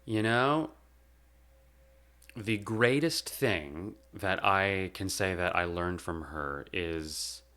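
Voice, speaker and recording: Young male host, deep and bright-toned, reading a heartfelt eulogy with deliberate pauses. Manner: measured and reflective, with slow emphatic pauses. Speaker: podcast host. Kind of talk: delivering a spoken eulogy.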